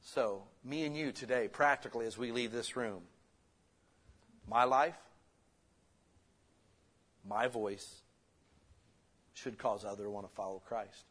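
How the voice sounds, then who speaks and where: A man preaching a sermon as pastor, conversational and lively, swinging between loud bursts and soft asides. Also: medium pitch, takes it slowly, long pauses, slightly rough.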